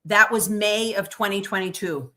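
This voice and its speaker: Woman, middle-aged, livestream guest, blunt and emphatic, sharp bright tone. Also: mid-range voice, moderate pace. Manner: blunt, emphatic, animated retelling with quoted dialogue. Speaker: former prosecutor, guest. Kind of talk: livestream interview, storytelling.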